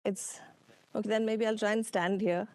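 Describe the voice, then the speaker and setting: A woman with an Indian English accent presenting a lecture with slides, unhurried, with many ums and uhs and questions to the audience. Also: mid-range voice, steady tone, a little mellow, no echo. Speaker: workshop speaker. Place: conference hall.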